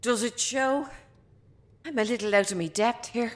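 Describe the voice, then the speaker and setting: A woman's voice: on the high side, normal speed, no room sound, natural voice. An actress in her seventies with an Irish accent playing a fierce, defiant grandmother in prison. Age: 70s. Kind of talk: film drama acting.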